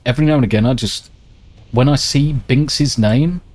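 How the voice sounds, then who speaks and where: Male game streamer, rambling, sweary, chatty, mid-pitched. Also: moderate pace, darkish tone. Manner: swearing, rambling and chatty, reads out viewer messages. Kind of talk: casual gameplay chat.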